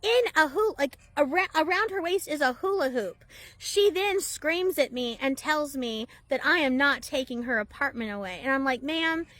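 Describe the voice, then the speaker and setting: A woman telling a story in a casual, animated, chatty way, often laughing. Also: high voice, normal speed, no room sound. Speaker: storyteller, process server.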